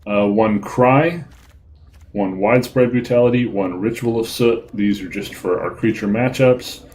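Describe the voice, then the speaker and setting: A man giving relaxed, casual commentary over his card game play, with frequent ums and uhs and a self-deprecating tone. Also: lowish voice, a little slow, slight background noise, poor audio. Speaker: gaming video host.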